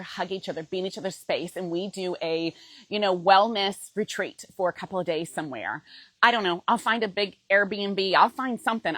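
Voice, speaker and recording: A woman's voice: medium pitch, a bit bright, no room sound, rough recording. A middle-aged woman coach talking straight to her viewers in a heartfelt, emotional way, often checking in with "okay?". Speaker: fitness program coach. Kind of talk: heartfelt direct-to-camera pitch.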